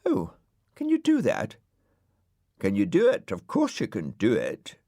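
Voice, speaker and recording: A sulky, self-important dog grumbles in a grand, aggrieved tone, as a man puts him on. The storybook voice swings widely in pitch and takes its time. The sound is close and dry. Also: wildly swooping pitch, unhurried, mellow, dry recording, heavily acted. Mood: pompous. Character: grumpy huffy pompous male dog. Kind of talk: audiobook character voice.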